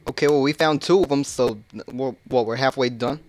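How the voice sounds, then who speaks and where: A man's voice: mid-range voice, fairly quick. A man hosting a gaming channel, casually joking and cursing through a horror game and yelping at scares. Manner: casual, joking and cursing, jumpy, bursting into loud yelps. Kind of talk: horror game let's play commentary.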